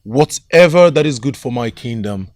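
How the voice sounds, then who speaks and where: An actor with a Nigerian accent playing an earnest young prince. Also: male voice, medium pitch, animated, normal speed, natural voice. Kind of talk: film drama acting.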